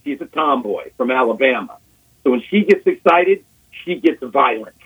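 A man in his sixties, a guest on sports radio, telling an animated story and acting out quotes, repeating himself as he goes. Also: mid-range voice, moderate pace, husky. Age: 60s. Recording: phone-line call on radio.

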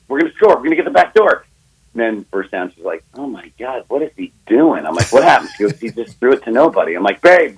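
A man with a slightly low, husky voice talks into a studio mic on a sports radio show. He tells a betting story fast and with emphasis, and acts out both sides of a phone call. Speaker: sports betting analyst guest.

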